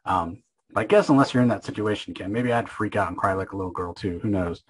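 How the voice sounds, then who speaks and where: A man's voice: low-pitched, fast, husky, low-quality recording. A man casually recapping a comic book issue, rambling and opinionated, with lots of filler words.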